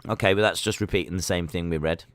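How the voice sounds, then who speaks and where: A man's voice: low voice, fairly even intonation, quick pace, no echo. A man hosting a casual live watch-along stream, chatting and reading search results and chat messages aloud.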